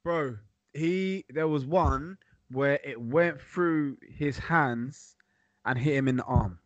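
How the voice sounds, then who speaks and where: A man co-hosting a podcast, talking sport in an animated, chatty way with jokey asides. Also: on the high side, slow, dry recording, dull audio. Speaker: podcast co-host. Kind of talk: casual sports chat.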